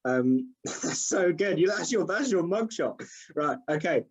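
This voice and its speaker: Over video call, the young comedian keeps chatting loosely and mocking himself, with plenty of "you know what I mean," in a casual interview. His voice is a little high and slightly rough, with lively intonation at a measured pace.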